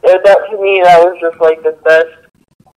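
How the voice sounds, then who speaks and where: A man's voice: high voice, level tone, a little slow, a little mellow, low-quality recording. A man chatting enthusiastically as a podcast guest, laughing often and saying "like" a lot. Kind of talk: casual chat.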